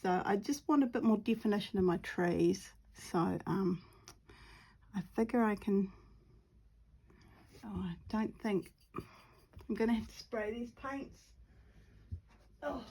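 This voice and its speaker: Speaking slowly with long pauses, this middle-aged woman has a medium-pitched voice that's a little mellow and slightly rough, plus a New Zealand accent. She talks casually while painting in watercolor, drifting between subjects, giggling in asides, and muttering some remarks half to herself.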